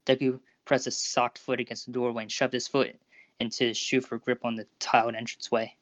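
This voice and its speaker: A narrator reading fan fiction aloud in a steady, even manner over a Discord call. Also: medium pitch, brisk, dry recording. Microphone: Discord voice call recording. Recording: dull lo-fi Discord audio.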